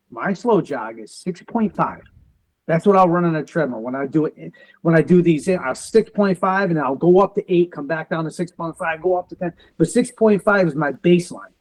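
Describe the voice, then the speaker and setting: A man's voice: a little high, darkish tone, rough recording. A man, a military veteran, telling his story in an interview, acting out the dialogue and sounding defiant and determined.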